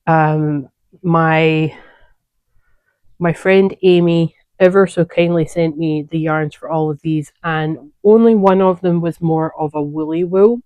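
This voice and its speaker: A woman's voice: deep voice, smooth, no room sound, dull audio. A woman hosting a knitting podcast, chatting casually and wandering off on asides as she shows her projects. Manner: chatty, digressive, self-correcting.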